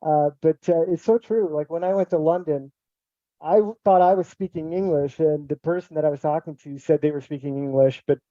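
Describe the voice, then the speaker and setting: A man's voice: a little high, steady tone, fairly quick, mellow, dry recording. A man calling in to a live online session, rambling casually as he searches for his point. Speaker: caller. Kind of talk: casual chat. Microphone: video call. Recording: dull, dry video call audio.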